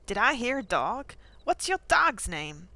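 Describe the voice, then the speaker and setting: A woman voicing a weary older male gas station attendant in a put-on rural truck stop accent, reading game dialogue aloud in a folksy, unhurried way. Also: fairly high pitch, big pitch swings, bright, forceful tone, exaggerated voice.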